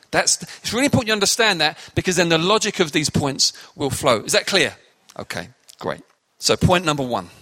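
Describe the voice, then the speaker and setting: A man's voice: on the high side, pushed and bright. A man preaching a sermon, explaining scripture emphatically and addressing the congregation directly.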